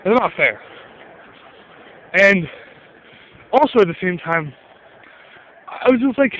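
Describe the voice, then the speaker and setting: A man's voice: high voice, very animated, slow pace, long pauses, dull audio, a little hiss or hum. A young man telling a story in a casual, profane rant, exasperated, with laughing asides.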